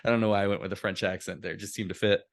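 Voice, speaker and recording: A man's voice: lowish voice, level tone, very fast. A man co-hosting a podcast in casual chat, laid-back and joking, laughing often and swearing freely. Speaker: podcast co-host.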